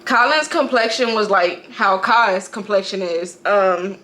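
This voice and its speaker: A mother speaking to camera about a personal loss, halting and emotional, often restarting her sentences. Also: mid-range voice, sharp tone. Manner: halting, emotional storytelling with frequent restarts and profanity.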